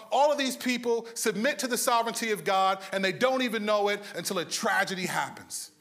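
A man preaching a sermon, moving between lively storytelling and hushed, slow emphasis. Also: sits high. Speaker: pastor.

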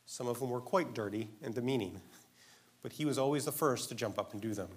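A man's voice: mid-range voice, a little fast, husky. A man preaching a sermon in an earnest, emphatic way, asking his listeners direct questions.

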